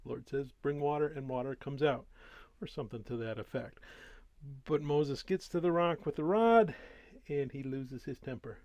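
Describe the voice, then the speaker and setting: A man's voice: mid-range voice, normal speed, a little mellow, no echo, muffled recording. A man hosting a daily Bible reading, talking through the chapters in a casual, folksy way before he reads. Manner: conversational, folksy, with restarts.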